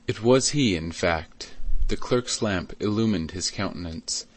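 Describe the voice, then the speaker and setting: A man reading a classic novel aloud as an audiobook in a measured, even way. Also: low-pitched, no echo. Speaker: audiobook reader. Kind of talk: scripted narration.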